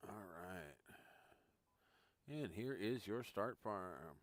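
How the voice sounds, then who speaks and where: A gaming streamer speaks slowly and animatedly in a voice on the low side, with no room sound. He's touring a farming game on a live stream, making casual conversation with viewers and thinking aloud.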